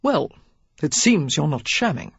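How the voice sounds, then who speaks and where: A woman's voice: sits low, sing-song, unhurried, creaky, slightly rough, no echo, lo-fi sound, full character voice. A woman doing a scowling, curt lord. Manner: curt, clipped demands. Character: stern, scowling aristocratic lord, short-tempered.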